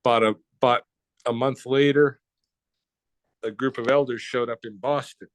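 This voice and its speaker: A man's voice: medium pitch, fairly even intonation, unhurried, dry recording. A man being interviewed, telling a story in casual speech, blunt and profane with slang.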